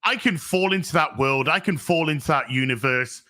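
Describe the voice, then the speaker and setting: Ranting man, high bright voice. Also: fairly quick. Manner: profane, ranting. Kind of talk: casual podcast chat.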